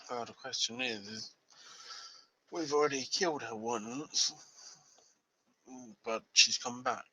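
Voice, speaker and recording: A man playing in a tabletop game, slow and halting as he thinks out loud. His tone is very bright and sharp, and his pace is very unhurried. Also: medium pitch, husky, rough recording. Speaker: player.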